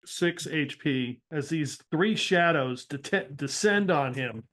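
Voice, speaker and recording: A man narrating as game master of a tabletop role-playing game, in loose, halting speech full of fillers and restarts. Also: a little high, expressive, fairly bright tone.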